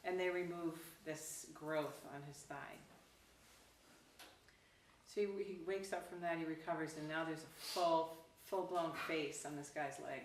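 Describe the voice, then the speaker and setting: A woman Zen teacher tells a teaching story in a casual, animated way, slipping into quoted voices. Her voice sits a little low and comes from away from the mic in a roomy hall, with faint background noise. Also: far from the mic. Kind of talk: dharma talk storytelling.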